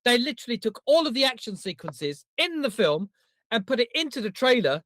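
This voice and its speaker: Animated man telling jokey stories. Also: extremely high pitch, fairly quick, dry recording, studio quality. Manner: animated, rambling, jokey storytelling. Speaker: podcast co-host. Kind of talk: casual comedic chat.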